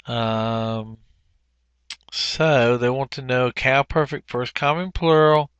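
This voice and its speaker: A man working through a language workbook as a teacher, explaining each answer slowly with frequent fillers and self-corrections. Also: mid-range voice, steady tone, fairly bright tone, clean tone, dry recording, lo-fi sound. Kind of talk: workbook walkthrough lesson.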